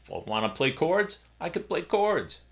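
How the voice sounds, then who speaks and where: A man's voice: fairly high pitch, sing-song, normal speed, creaky. A middle-aged man casually explaining music gear in a vlog from a small home studio, with wry, self-deprecating humor. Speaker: keyboard YouTuber.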